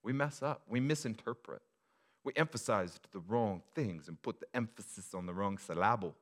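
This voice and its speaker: A male pastor preaching a sermon to his church, moving from quiet reflection to loud, emphatic appeals. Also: lowish voice, moderate pace.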